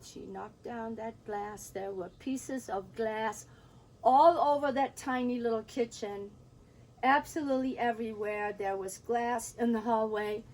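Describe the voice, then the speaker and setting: An older woman telling a personal story from her childhood, pausing now and then to drink or clear her throat. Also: fairly high pitch, steady tone, a little mellow, poor audio. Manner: pauses to drink and clear throat, recounting quoted dialogue.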